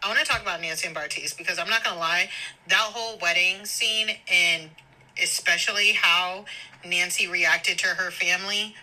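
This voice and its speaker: A woman's voice: fairly low pitch, normal speed, sharp tone, low-quality recording. A woman recording a heated, profane voice note on her phone while stopped on a road trip. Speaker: podcast guest sending voice notes. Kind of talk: ranting voice note. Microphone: phone voice memo.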